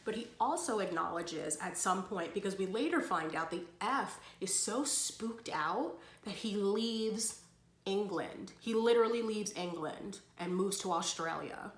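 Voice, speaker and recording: A woman's voice: medium pitch, animated, a little slow. Woman chatting about a story she read, slangy and rambly, lots of likes and ums, echoey room. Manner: rambling, slangy, filler-heavy. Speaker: book vlogger. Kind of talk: casual story summary. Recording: roomy echo.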